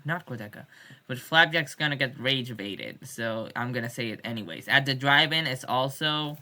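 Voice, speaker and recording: Bright-voiced woman rambling about music. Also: extremely low pitch, moderate pace. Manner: rambling, irreverent, swears jokingly; many restarts and fillers. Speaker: music fan. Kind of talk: casual video diary rant.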